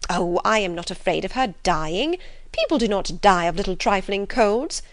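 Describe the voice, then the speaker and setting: A woman reading the part of an excitable middle-aged mother in an audiobook, gushing and emphatic. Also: mid-range voice, normal speed, a little hiss or hum, close to an everyday voice.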